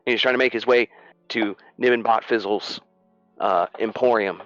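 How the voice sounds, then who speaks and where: A man's voice: medium pitch, fairly even intonation, fairly quick, a bit bright, no echo, muffled recording, faint music behind. A man narrating as game master of a tabletop game, in a casual, loose style with fillers.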